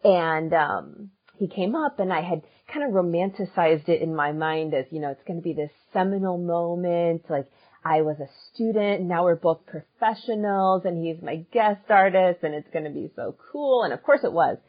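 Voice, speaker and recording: A woman co-hosting a podcast, telling a funny story in casual chat, animated and laughing often. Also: lowish voice, moderate pace, phone-quality sound. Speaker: podcast co-host and musician.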